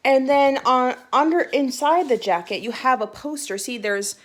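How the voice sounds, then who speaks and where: A woman's voice: high-pitched, normal speed. A young woman chatting casually to her phone camera about books she read, giggly and rambling with restarts. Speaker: book vlogger. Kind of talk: casual book chat to camera.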